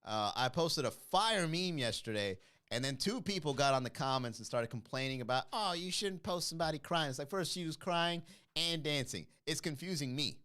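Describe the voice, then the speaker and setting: Hosting a comedy podcast livestream, this man has a clean-toned, mid-range voice. He's lively and teasing as he goes through chat comments, laughing easily along the way.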